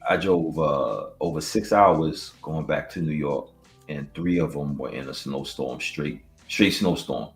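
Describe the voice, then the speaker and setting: A man co-hosting a casual chat about collecting, telling stories in a relaxed, rambling way. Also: rumbling low, a little slow, reverberant, faint music behind. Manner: relaxed, storytelling, loose and rambling. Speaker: collector co-host.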